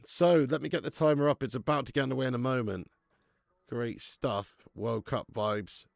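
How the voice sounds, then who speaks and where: A man's voice: mid-range voice, normal speed, vocal fry, no echo. A man hosting a live football watch-along stream, chatting laddishly with viewers and laughing often. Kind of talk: live stream chat and match commentary.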